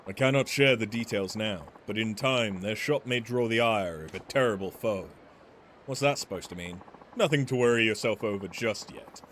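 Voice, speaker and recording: A man reading a calm, courteous master smith. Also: lowish voice, a little hiss or hum, natural voice. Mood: composed. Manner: formal, measured phrasing. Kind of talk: reading game dialogue aloud.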